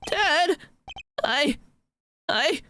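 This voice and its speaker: A woman's voice: sits high, lively intonation, very slow, pushed and bright, no echo, studio quality, voice pushed up, heavily acted. A woman voicing a timid young male prosecutor who stammers and pleads. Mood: pleading. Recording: stream with game music behind.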